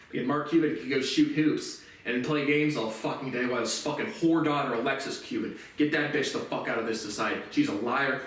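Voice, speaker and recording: Agitated man in his twenties, profane rant, distant mic, boomy reverb. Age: 20s. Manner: agitated, swearing, voice rising into shouts. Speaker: vlogger. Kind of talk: angry profane rant to camera. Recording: very echoey room, far from mic.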